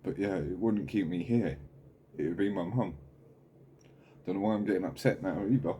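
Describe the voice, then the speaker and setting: Low-voiced man, swearing. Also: noisy background. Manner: halting, heavy swearing, raw and candid. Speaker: channel host. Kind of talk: candid mental health video diary.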